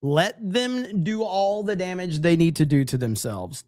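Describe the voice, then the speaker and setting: A man's voice: sits high, lively intonation, a little slow, a little mellow. Profane, casual male livestream host. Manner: casual and profane, reads chat aloud. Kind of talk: casual live-stream chat reacting to clips.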